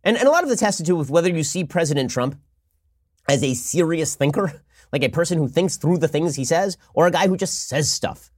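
A man delivering fast, sarcastic political commentary from a close studio mic, sometimes acting out mock phone calls. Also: on the high side, animated, dry recording. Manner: rapid-fire, sarcastic, acts out mock dialogues.

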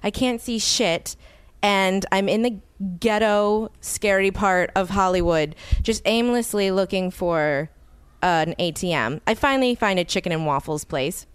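A woman hosting a podcast, telling a story in a lively, animated way, acting out the people in it and swearing freely. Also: medium pitch, measured pace, smooth, no room sound. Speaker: podcast host. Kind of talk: casual storytelling chat.

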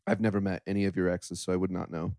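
A man's voice: sits low, little pitch movement, fast talker, a little mellow, no room sound, clean studio sound. A man chatting casually with his partner on a podcast, playful and easygoing. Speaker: co-host, partner. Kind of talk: casual chat.

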